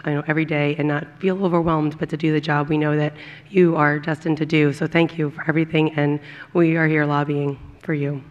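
A woman on a school board with a raspy voice, giving brief, halting remarks with many fillers at a public meeting. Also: deep voice, dull audio.

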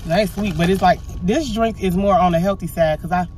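A woman's voice: lowish voice, brisk, a little mellow, slight background noise. A woman in her thirties vlogging in casual chat, talking straight to her viewers in a chatty, colloquial way.

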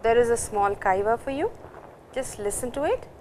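A woman's voice: a little high, expressive, a little mellow, a little hiss or hum. An Indian woman teaching a Japanese lesson, explaining grammar step by step and reading example lines aloud. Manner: explains slowly, reads dialogue lines aloud. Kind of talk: recorded language lesson.

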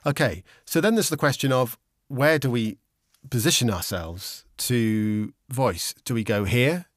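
A man teaching microphone technique in a relaxed, explanatory way, with frequent ums and restarts, recorded on a studio condenser microphone. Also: medium pitch, unhurried, dry recording. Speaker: instructor. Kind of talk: casual instructional explanation. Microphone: studio condenser microphone with pop shield.

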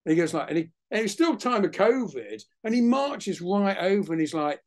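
A man speaking over a video call, his voice sitting a little high for a man. He tells his story in a lively, animated way and throws himself into the voices of the people in it. The tone is casual, like a guest chatting in an online interview. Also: brisk. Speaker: guest naturalist. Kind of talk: anecdotal storytelling in a webinar interview.

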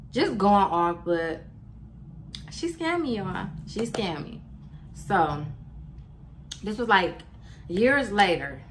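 A woman in her twenties telling her viewers a story in a casual, animated, profane and slangy way. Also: medium pitch, slight background noise. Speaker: vlogger.

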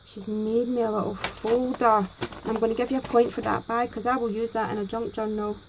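A Scottish woman hosting a crafting vlog, gushing excitedly and a bit nervously over gifts. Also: fairly high pitch, brisk, background noise. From Scotland. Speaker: crafting channel host. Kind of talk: casual unboxing vlog.

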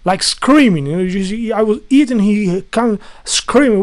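A vlogger whose first language isn't English rants to camera about his housemate, sounding thoroughly fed up. His voice is high and a bit mellow, expressive and unhurried, with few pauses, though he swears freely and keeps restarting sentences. It feels loose and unscripted, like a video diary.

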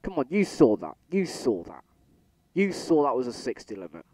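A man's voice: mid-range voice, big pitch swings, moderate pace, a little mellow, no room sound. A young man giving casual commentary while playing a train game, often exasperated and grumbling, stammering when annoyed. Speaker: gaming channel host.

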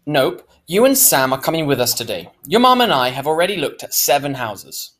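A breezy, firm dad, as a man reading a storybook aloud puts him on, teasing his daughter along. The voice stays near the reader's own, with lively pitch. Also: fairly quick.

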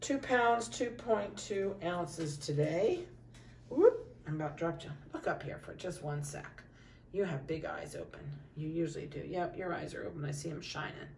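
A middle-aged woman dog breeder in a casual puppy update, cooing softly to the litter and giving brisk practical notes to buyers. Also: on the low side, gravelly, far from the mic, a little hiss or hum. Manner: coos softly to puppies, then gives brisk practical notices to buyers.

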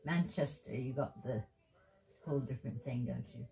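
A Japanese woman speaks English with a Japanese accent in a loose, teasing chat. Her voice sits low and mellow, and she jokes around playfully. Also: moderate pace, vocal fry, low-quality recording. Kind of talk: casual chat.

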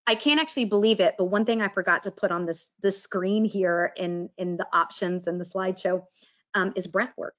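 A woman's voice: mid-range voice, a little fast, lo-fi sound. A woman giving a casual presentation on mindfulness and breath work, chatty and acting out quoted inner voices. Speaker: wellness presenter.

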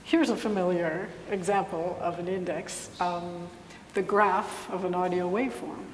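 A woman giving a live talk to an audience, calm and explanatory with a few hesitations. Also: fairly low pitch, a little slow. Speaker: composer presenter. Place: lecture hall. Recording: echoey hall with faint noise.

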